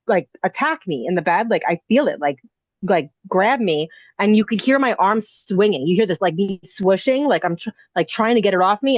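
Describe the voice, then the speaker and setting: A woman's voice: mid-range voice, dry recording. Woman rambling through a ghost story. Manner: breathless, rambling, heavy use of "like" and "you know". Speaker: podcast guest, inn owner. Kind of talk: telling a personal ghost story. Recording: dull, dry lo-fi audio.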